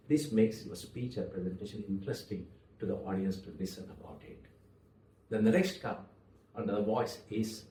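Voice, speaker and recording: A man gives a public speaking lesson in a mellow, dark voice. He talks in measured phrases, pausing on purpose and leaning on key words. He sounds a little far from the mic in an echoey room. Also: on the low side, slight background noise. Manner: measured, with deliberate pauses and stressed words. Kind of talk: spoken lesson to camera.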